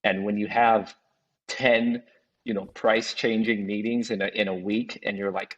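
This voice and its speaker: Low-voiced reflective builder man. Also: level tone, a little slow, fairly bright tone, rough recording. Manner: reflective, restarts often, acts out clients' voices. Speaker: custom home builder, podcast guest. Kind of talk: casual business conversation.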